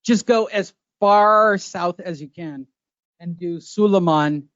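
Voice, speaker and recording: A man hosts a loose boxing podcast, brash and profane as he needles his co-hosts. His voice sits high for a man. The audio is dull and dry. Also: slow, a bit bright, no echo. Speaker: podcast host. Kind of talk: casual boxing chat.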